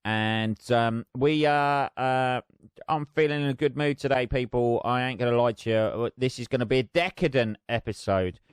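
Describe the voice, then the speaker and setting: A man's voice: mid-range voice, normal speed, clear, resonant tone, no echo, studio quality. A middle-aged man hosting his own podcast, chatting in a rambling, sweary, self-mocking way. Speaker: podcast host. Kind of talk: casual solo podcast chat.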